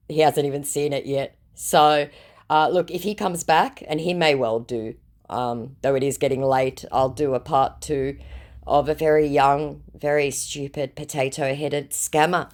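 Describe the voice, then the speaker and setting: Woman vlogger, dry and blunt, easy laugh, slightly low register. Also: unhurried. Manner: sarcastic, blunt, laughs easily. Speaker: scam-baiting channel host. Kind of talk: casual vlog, reading chat aloud.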